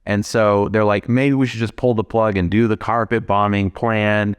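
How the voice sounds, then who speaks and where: A man's voice: fairly low pitch, fairly even intonation, normal speed, smooth. A man co-hosting a podcast, casually retelling a movie plot and tossing in quoted lines. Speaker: podcast co-host. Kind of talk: casual film recap chat.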